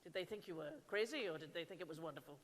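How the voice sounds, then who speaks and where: A brisk woman moderator speaks quickly in a slightly low voice. She keeps the panel moving with encouraging questions, and a long echo from the hall trails after her. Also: slight background noise. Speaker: awards ceremony moderator. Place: large event hall.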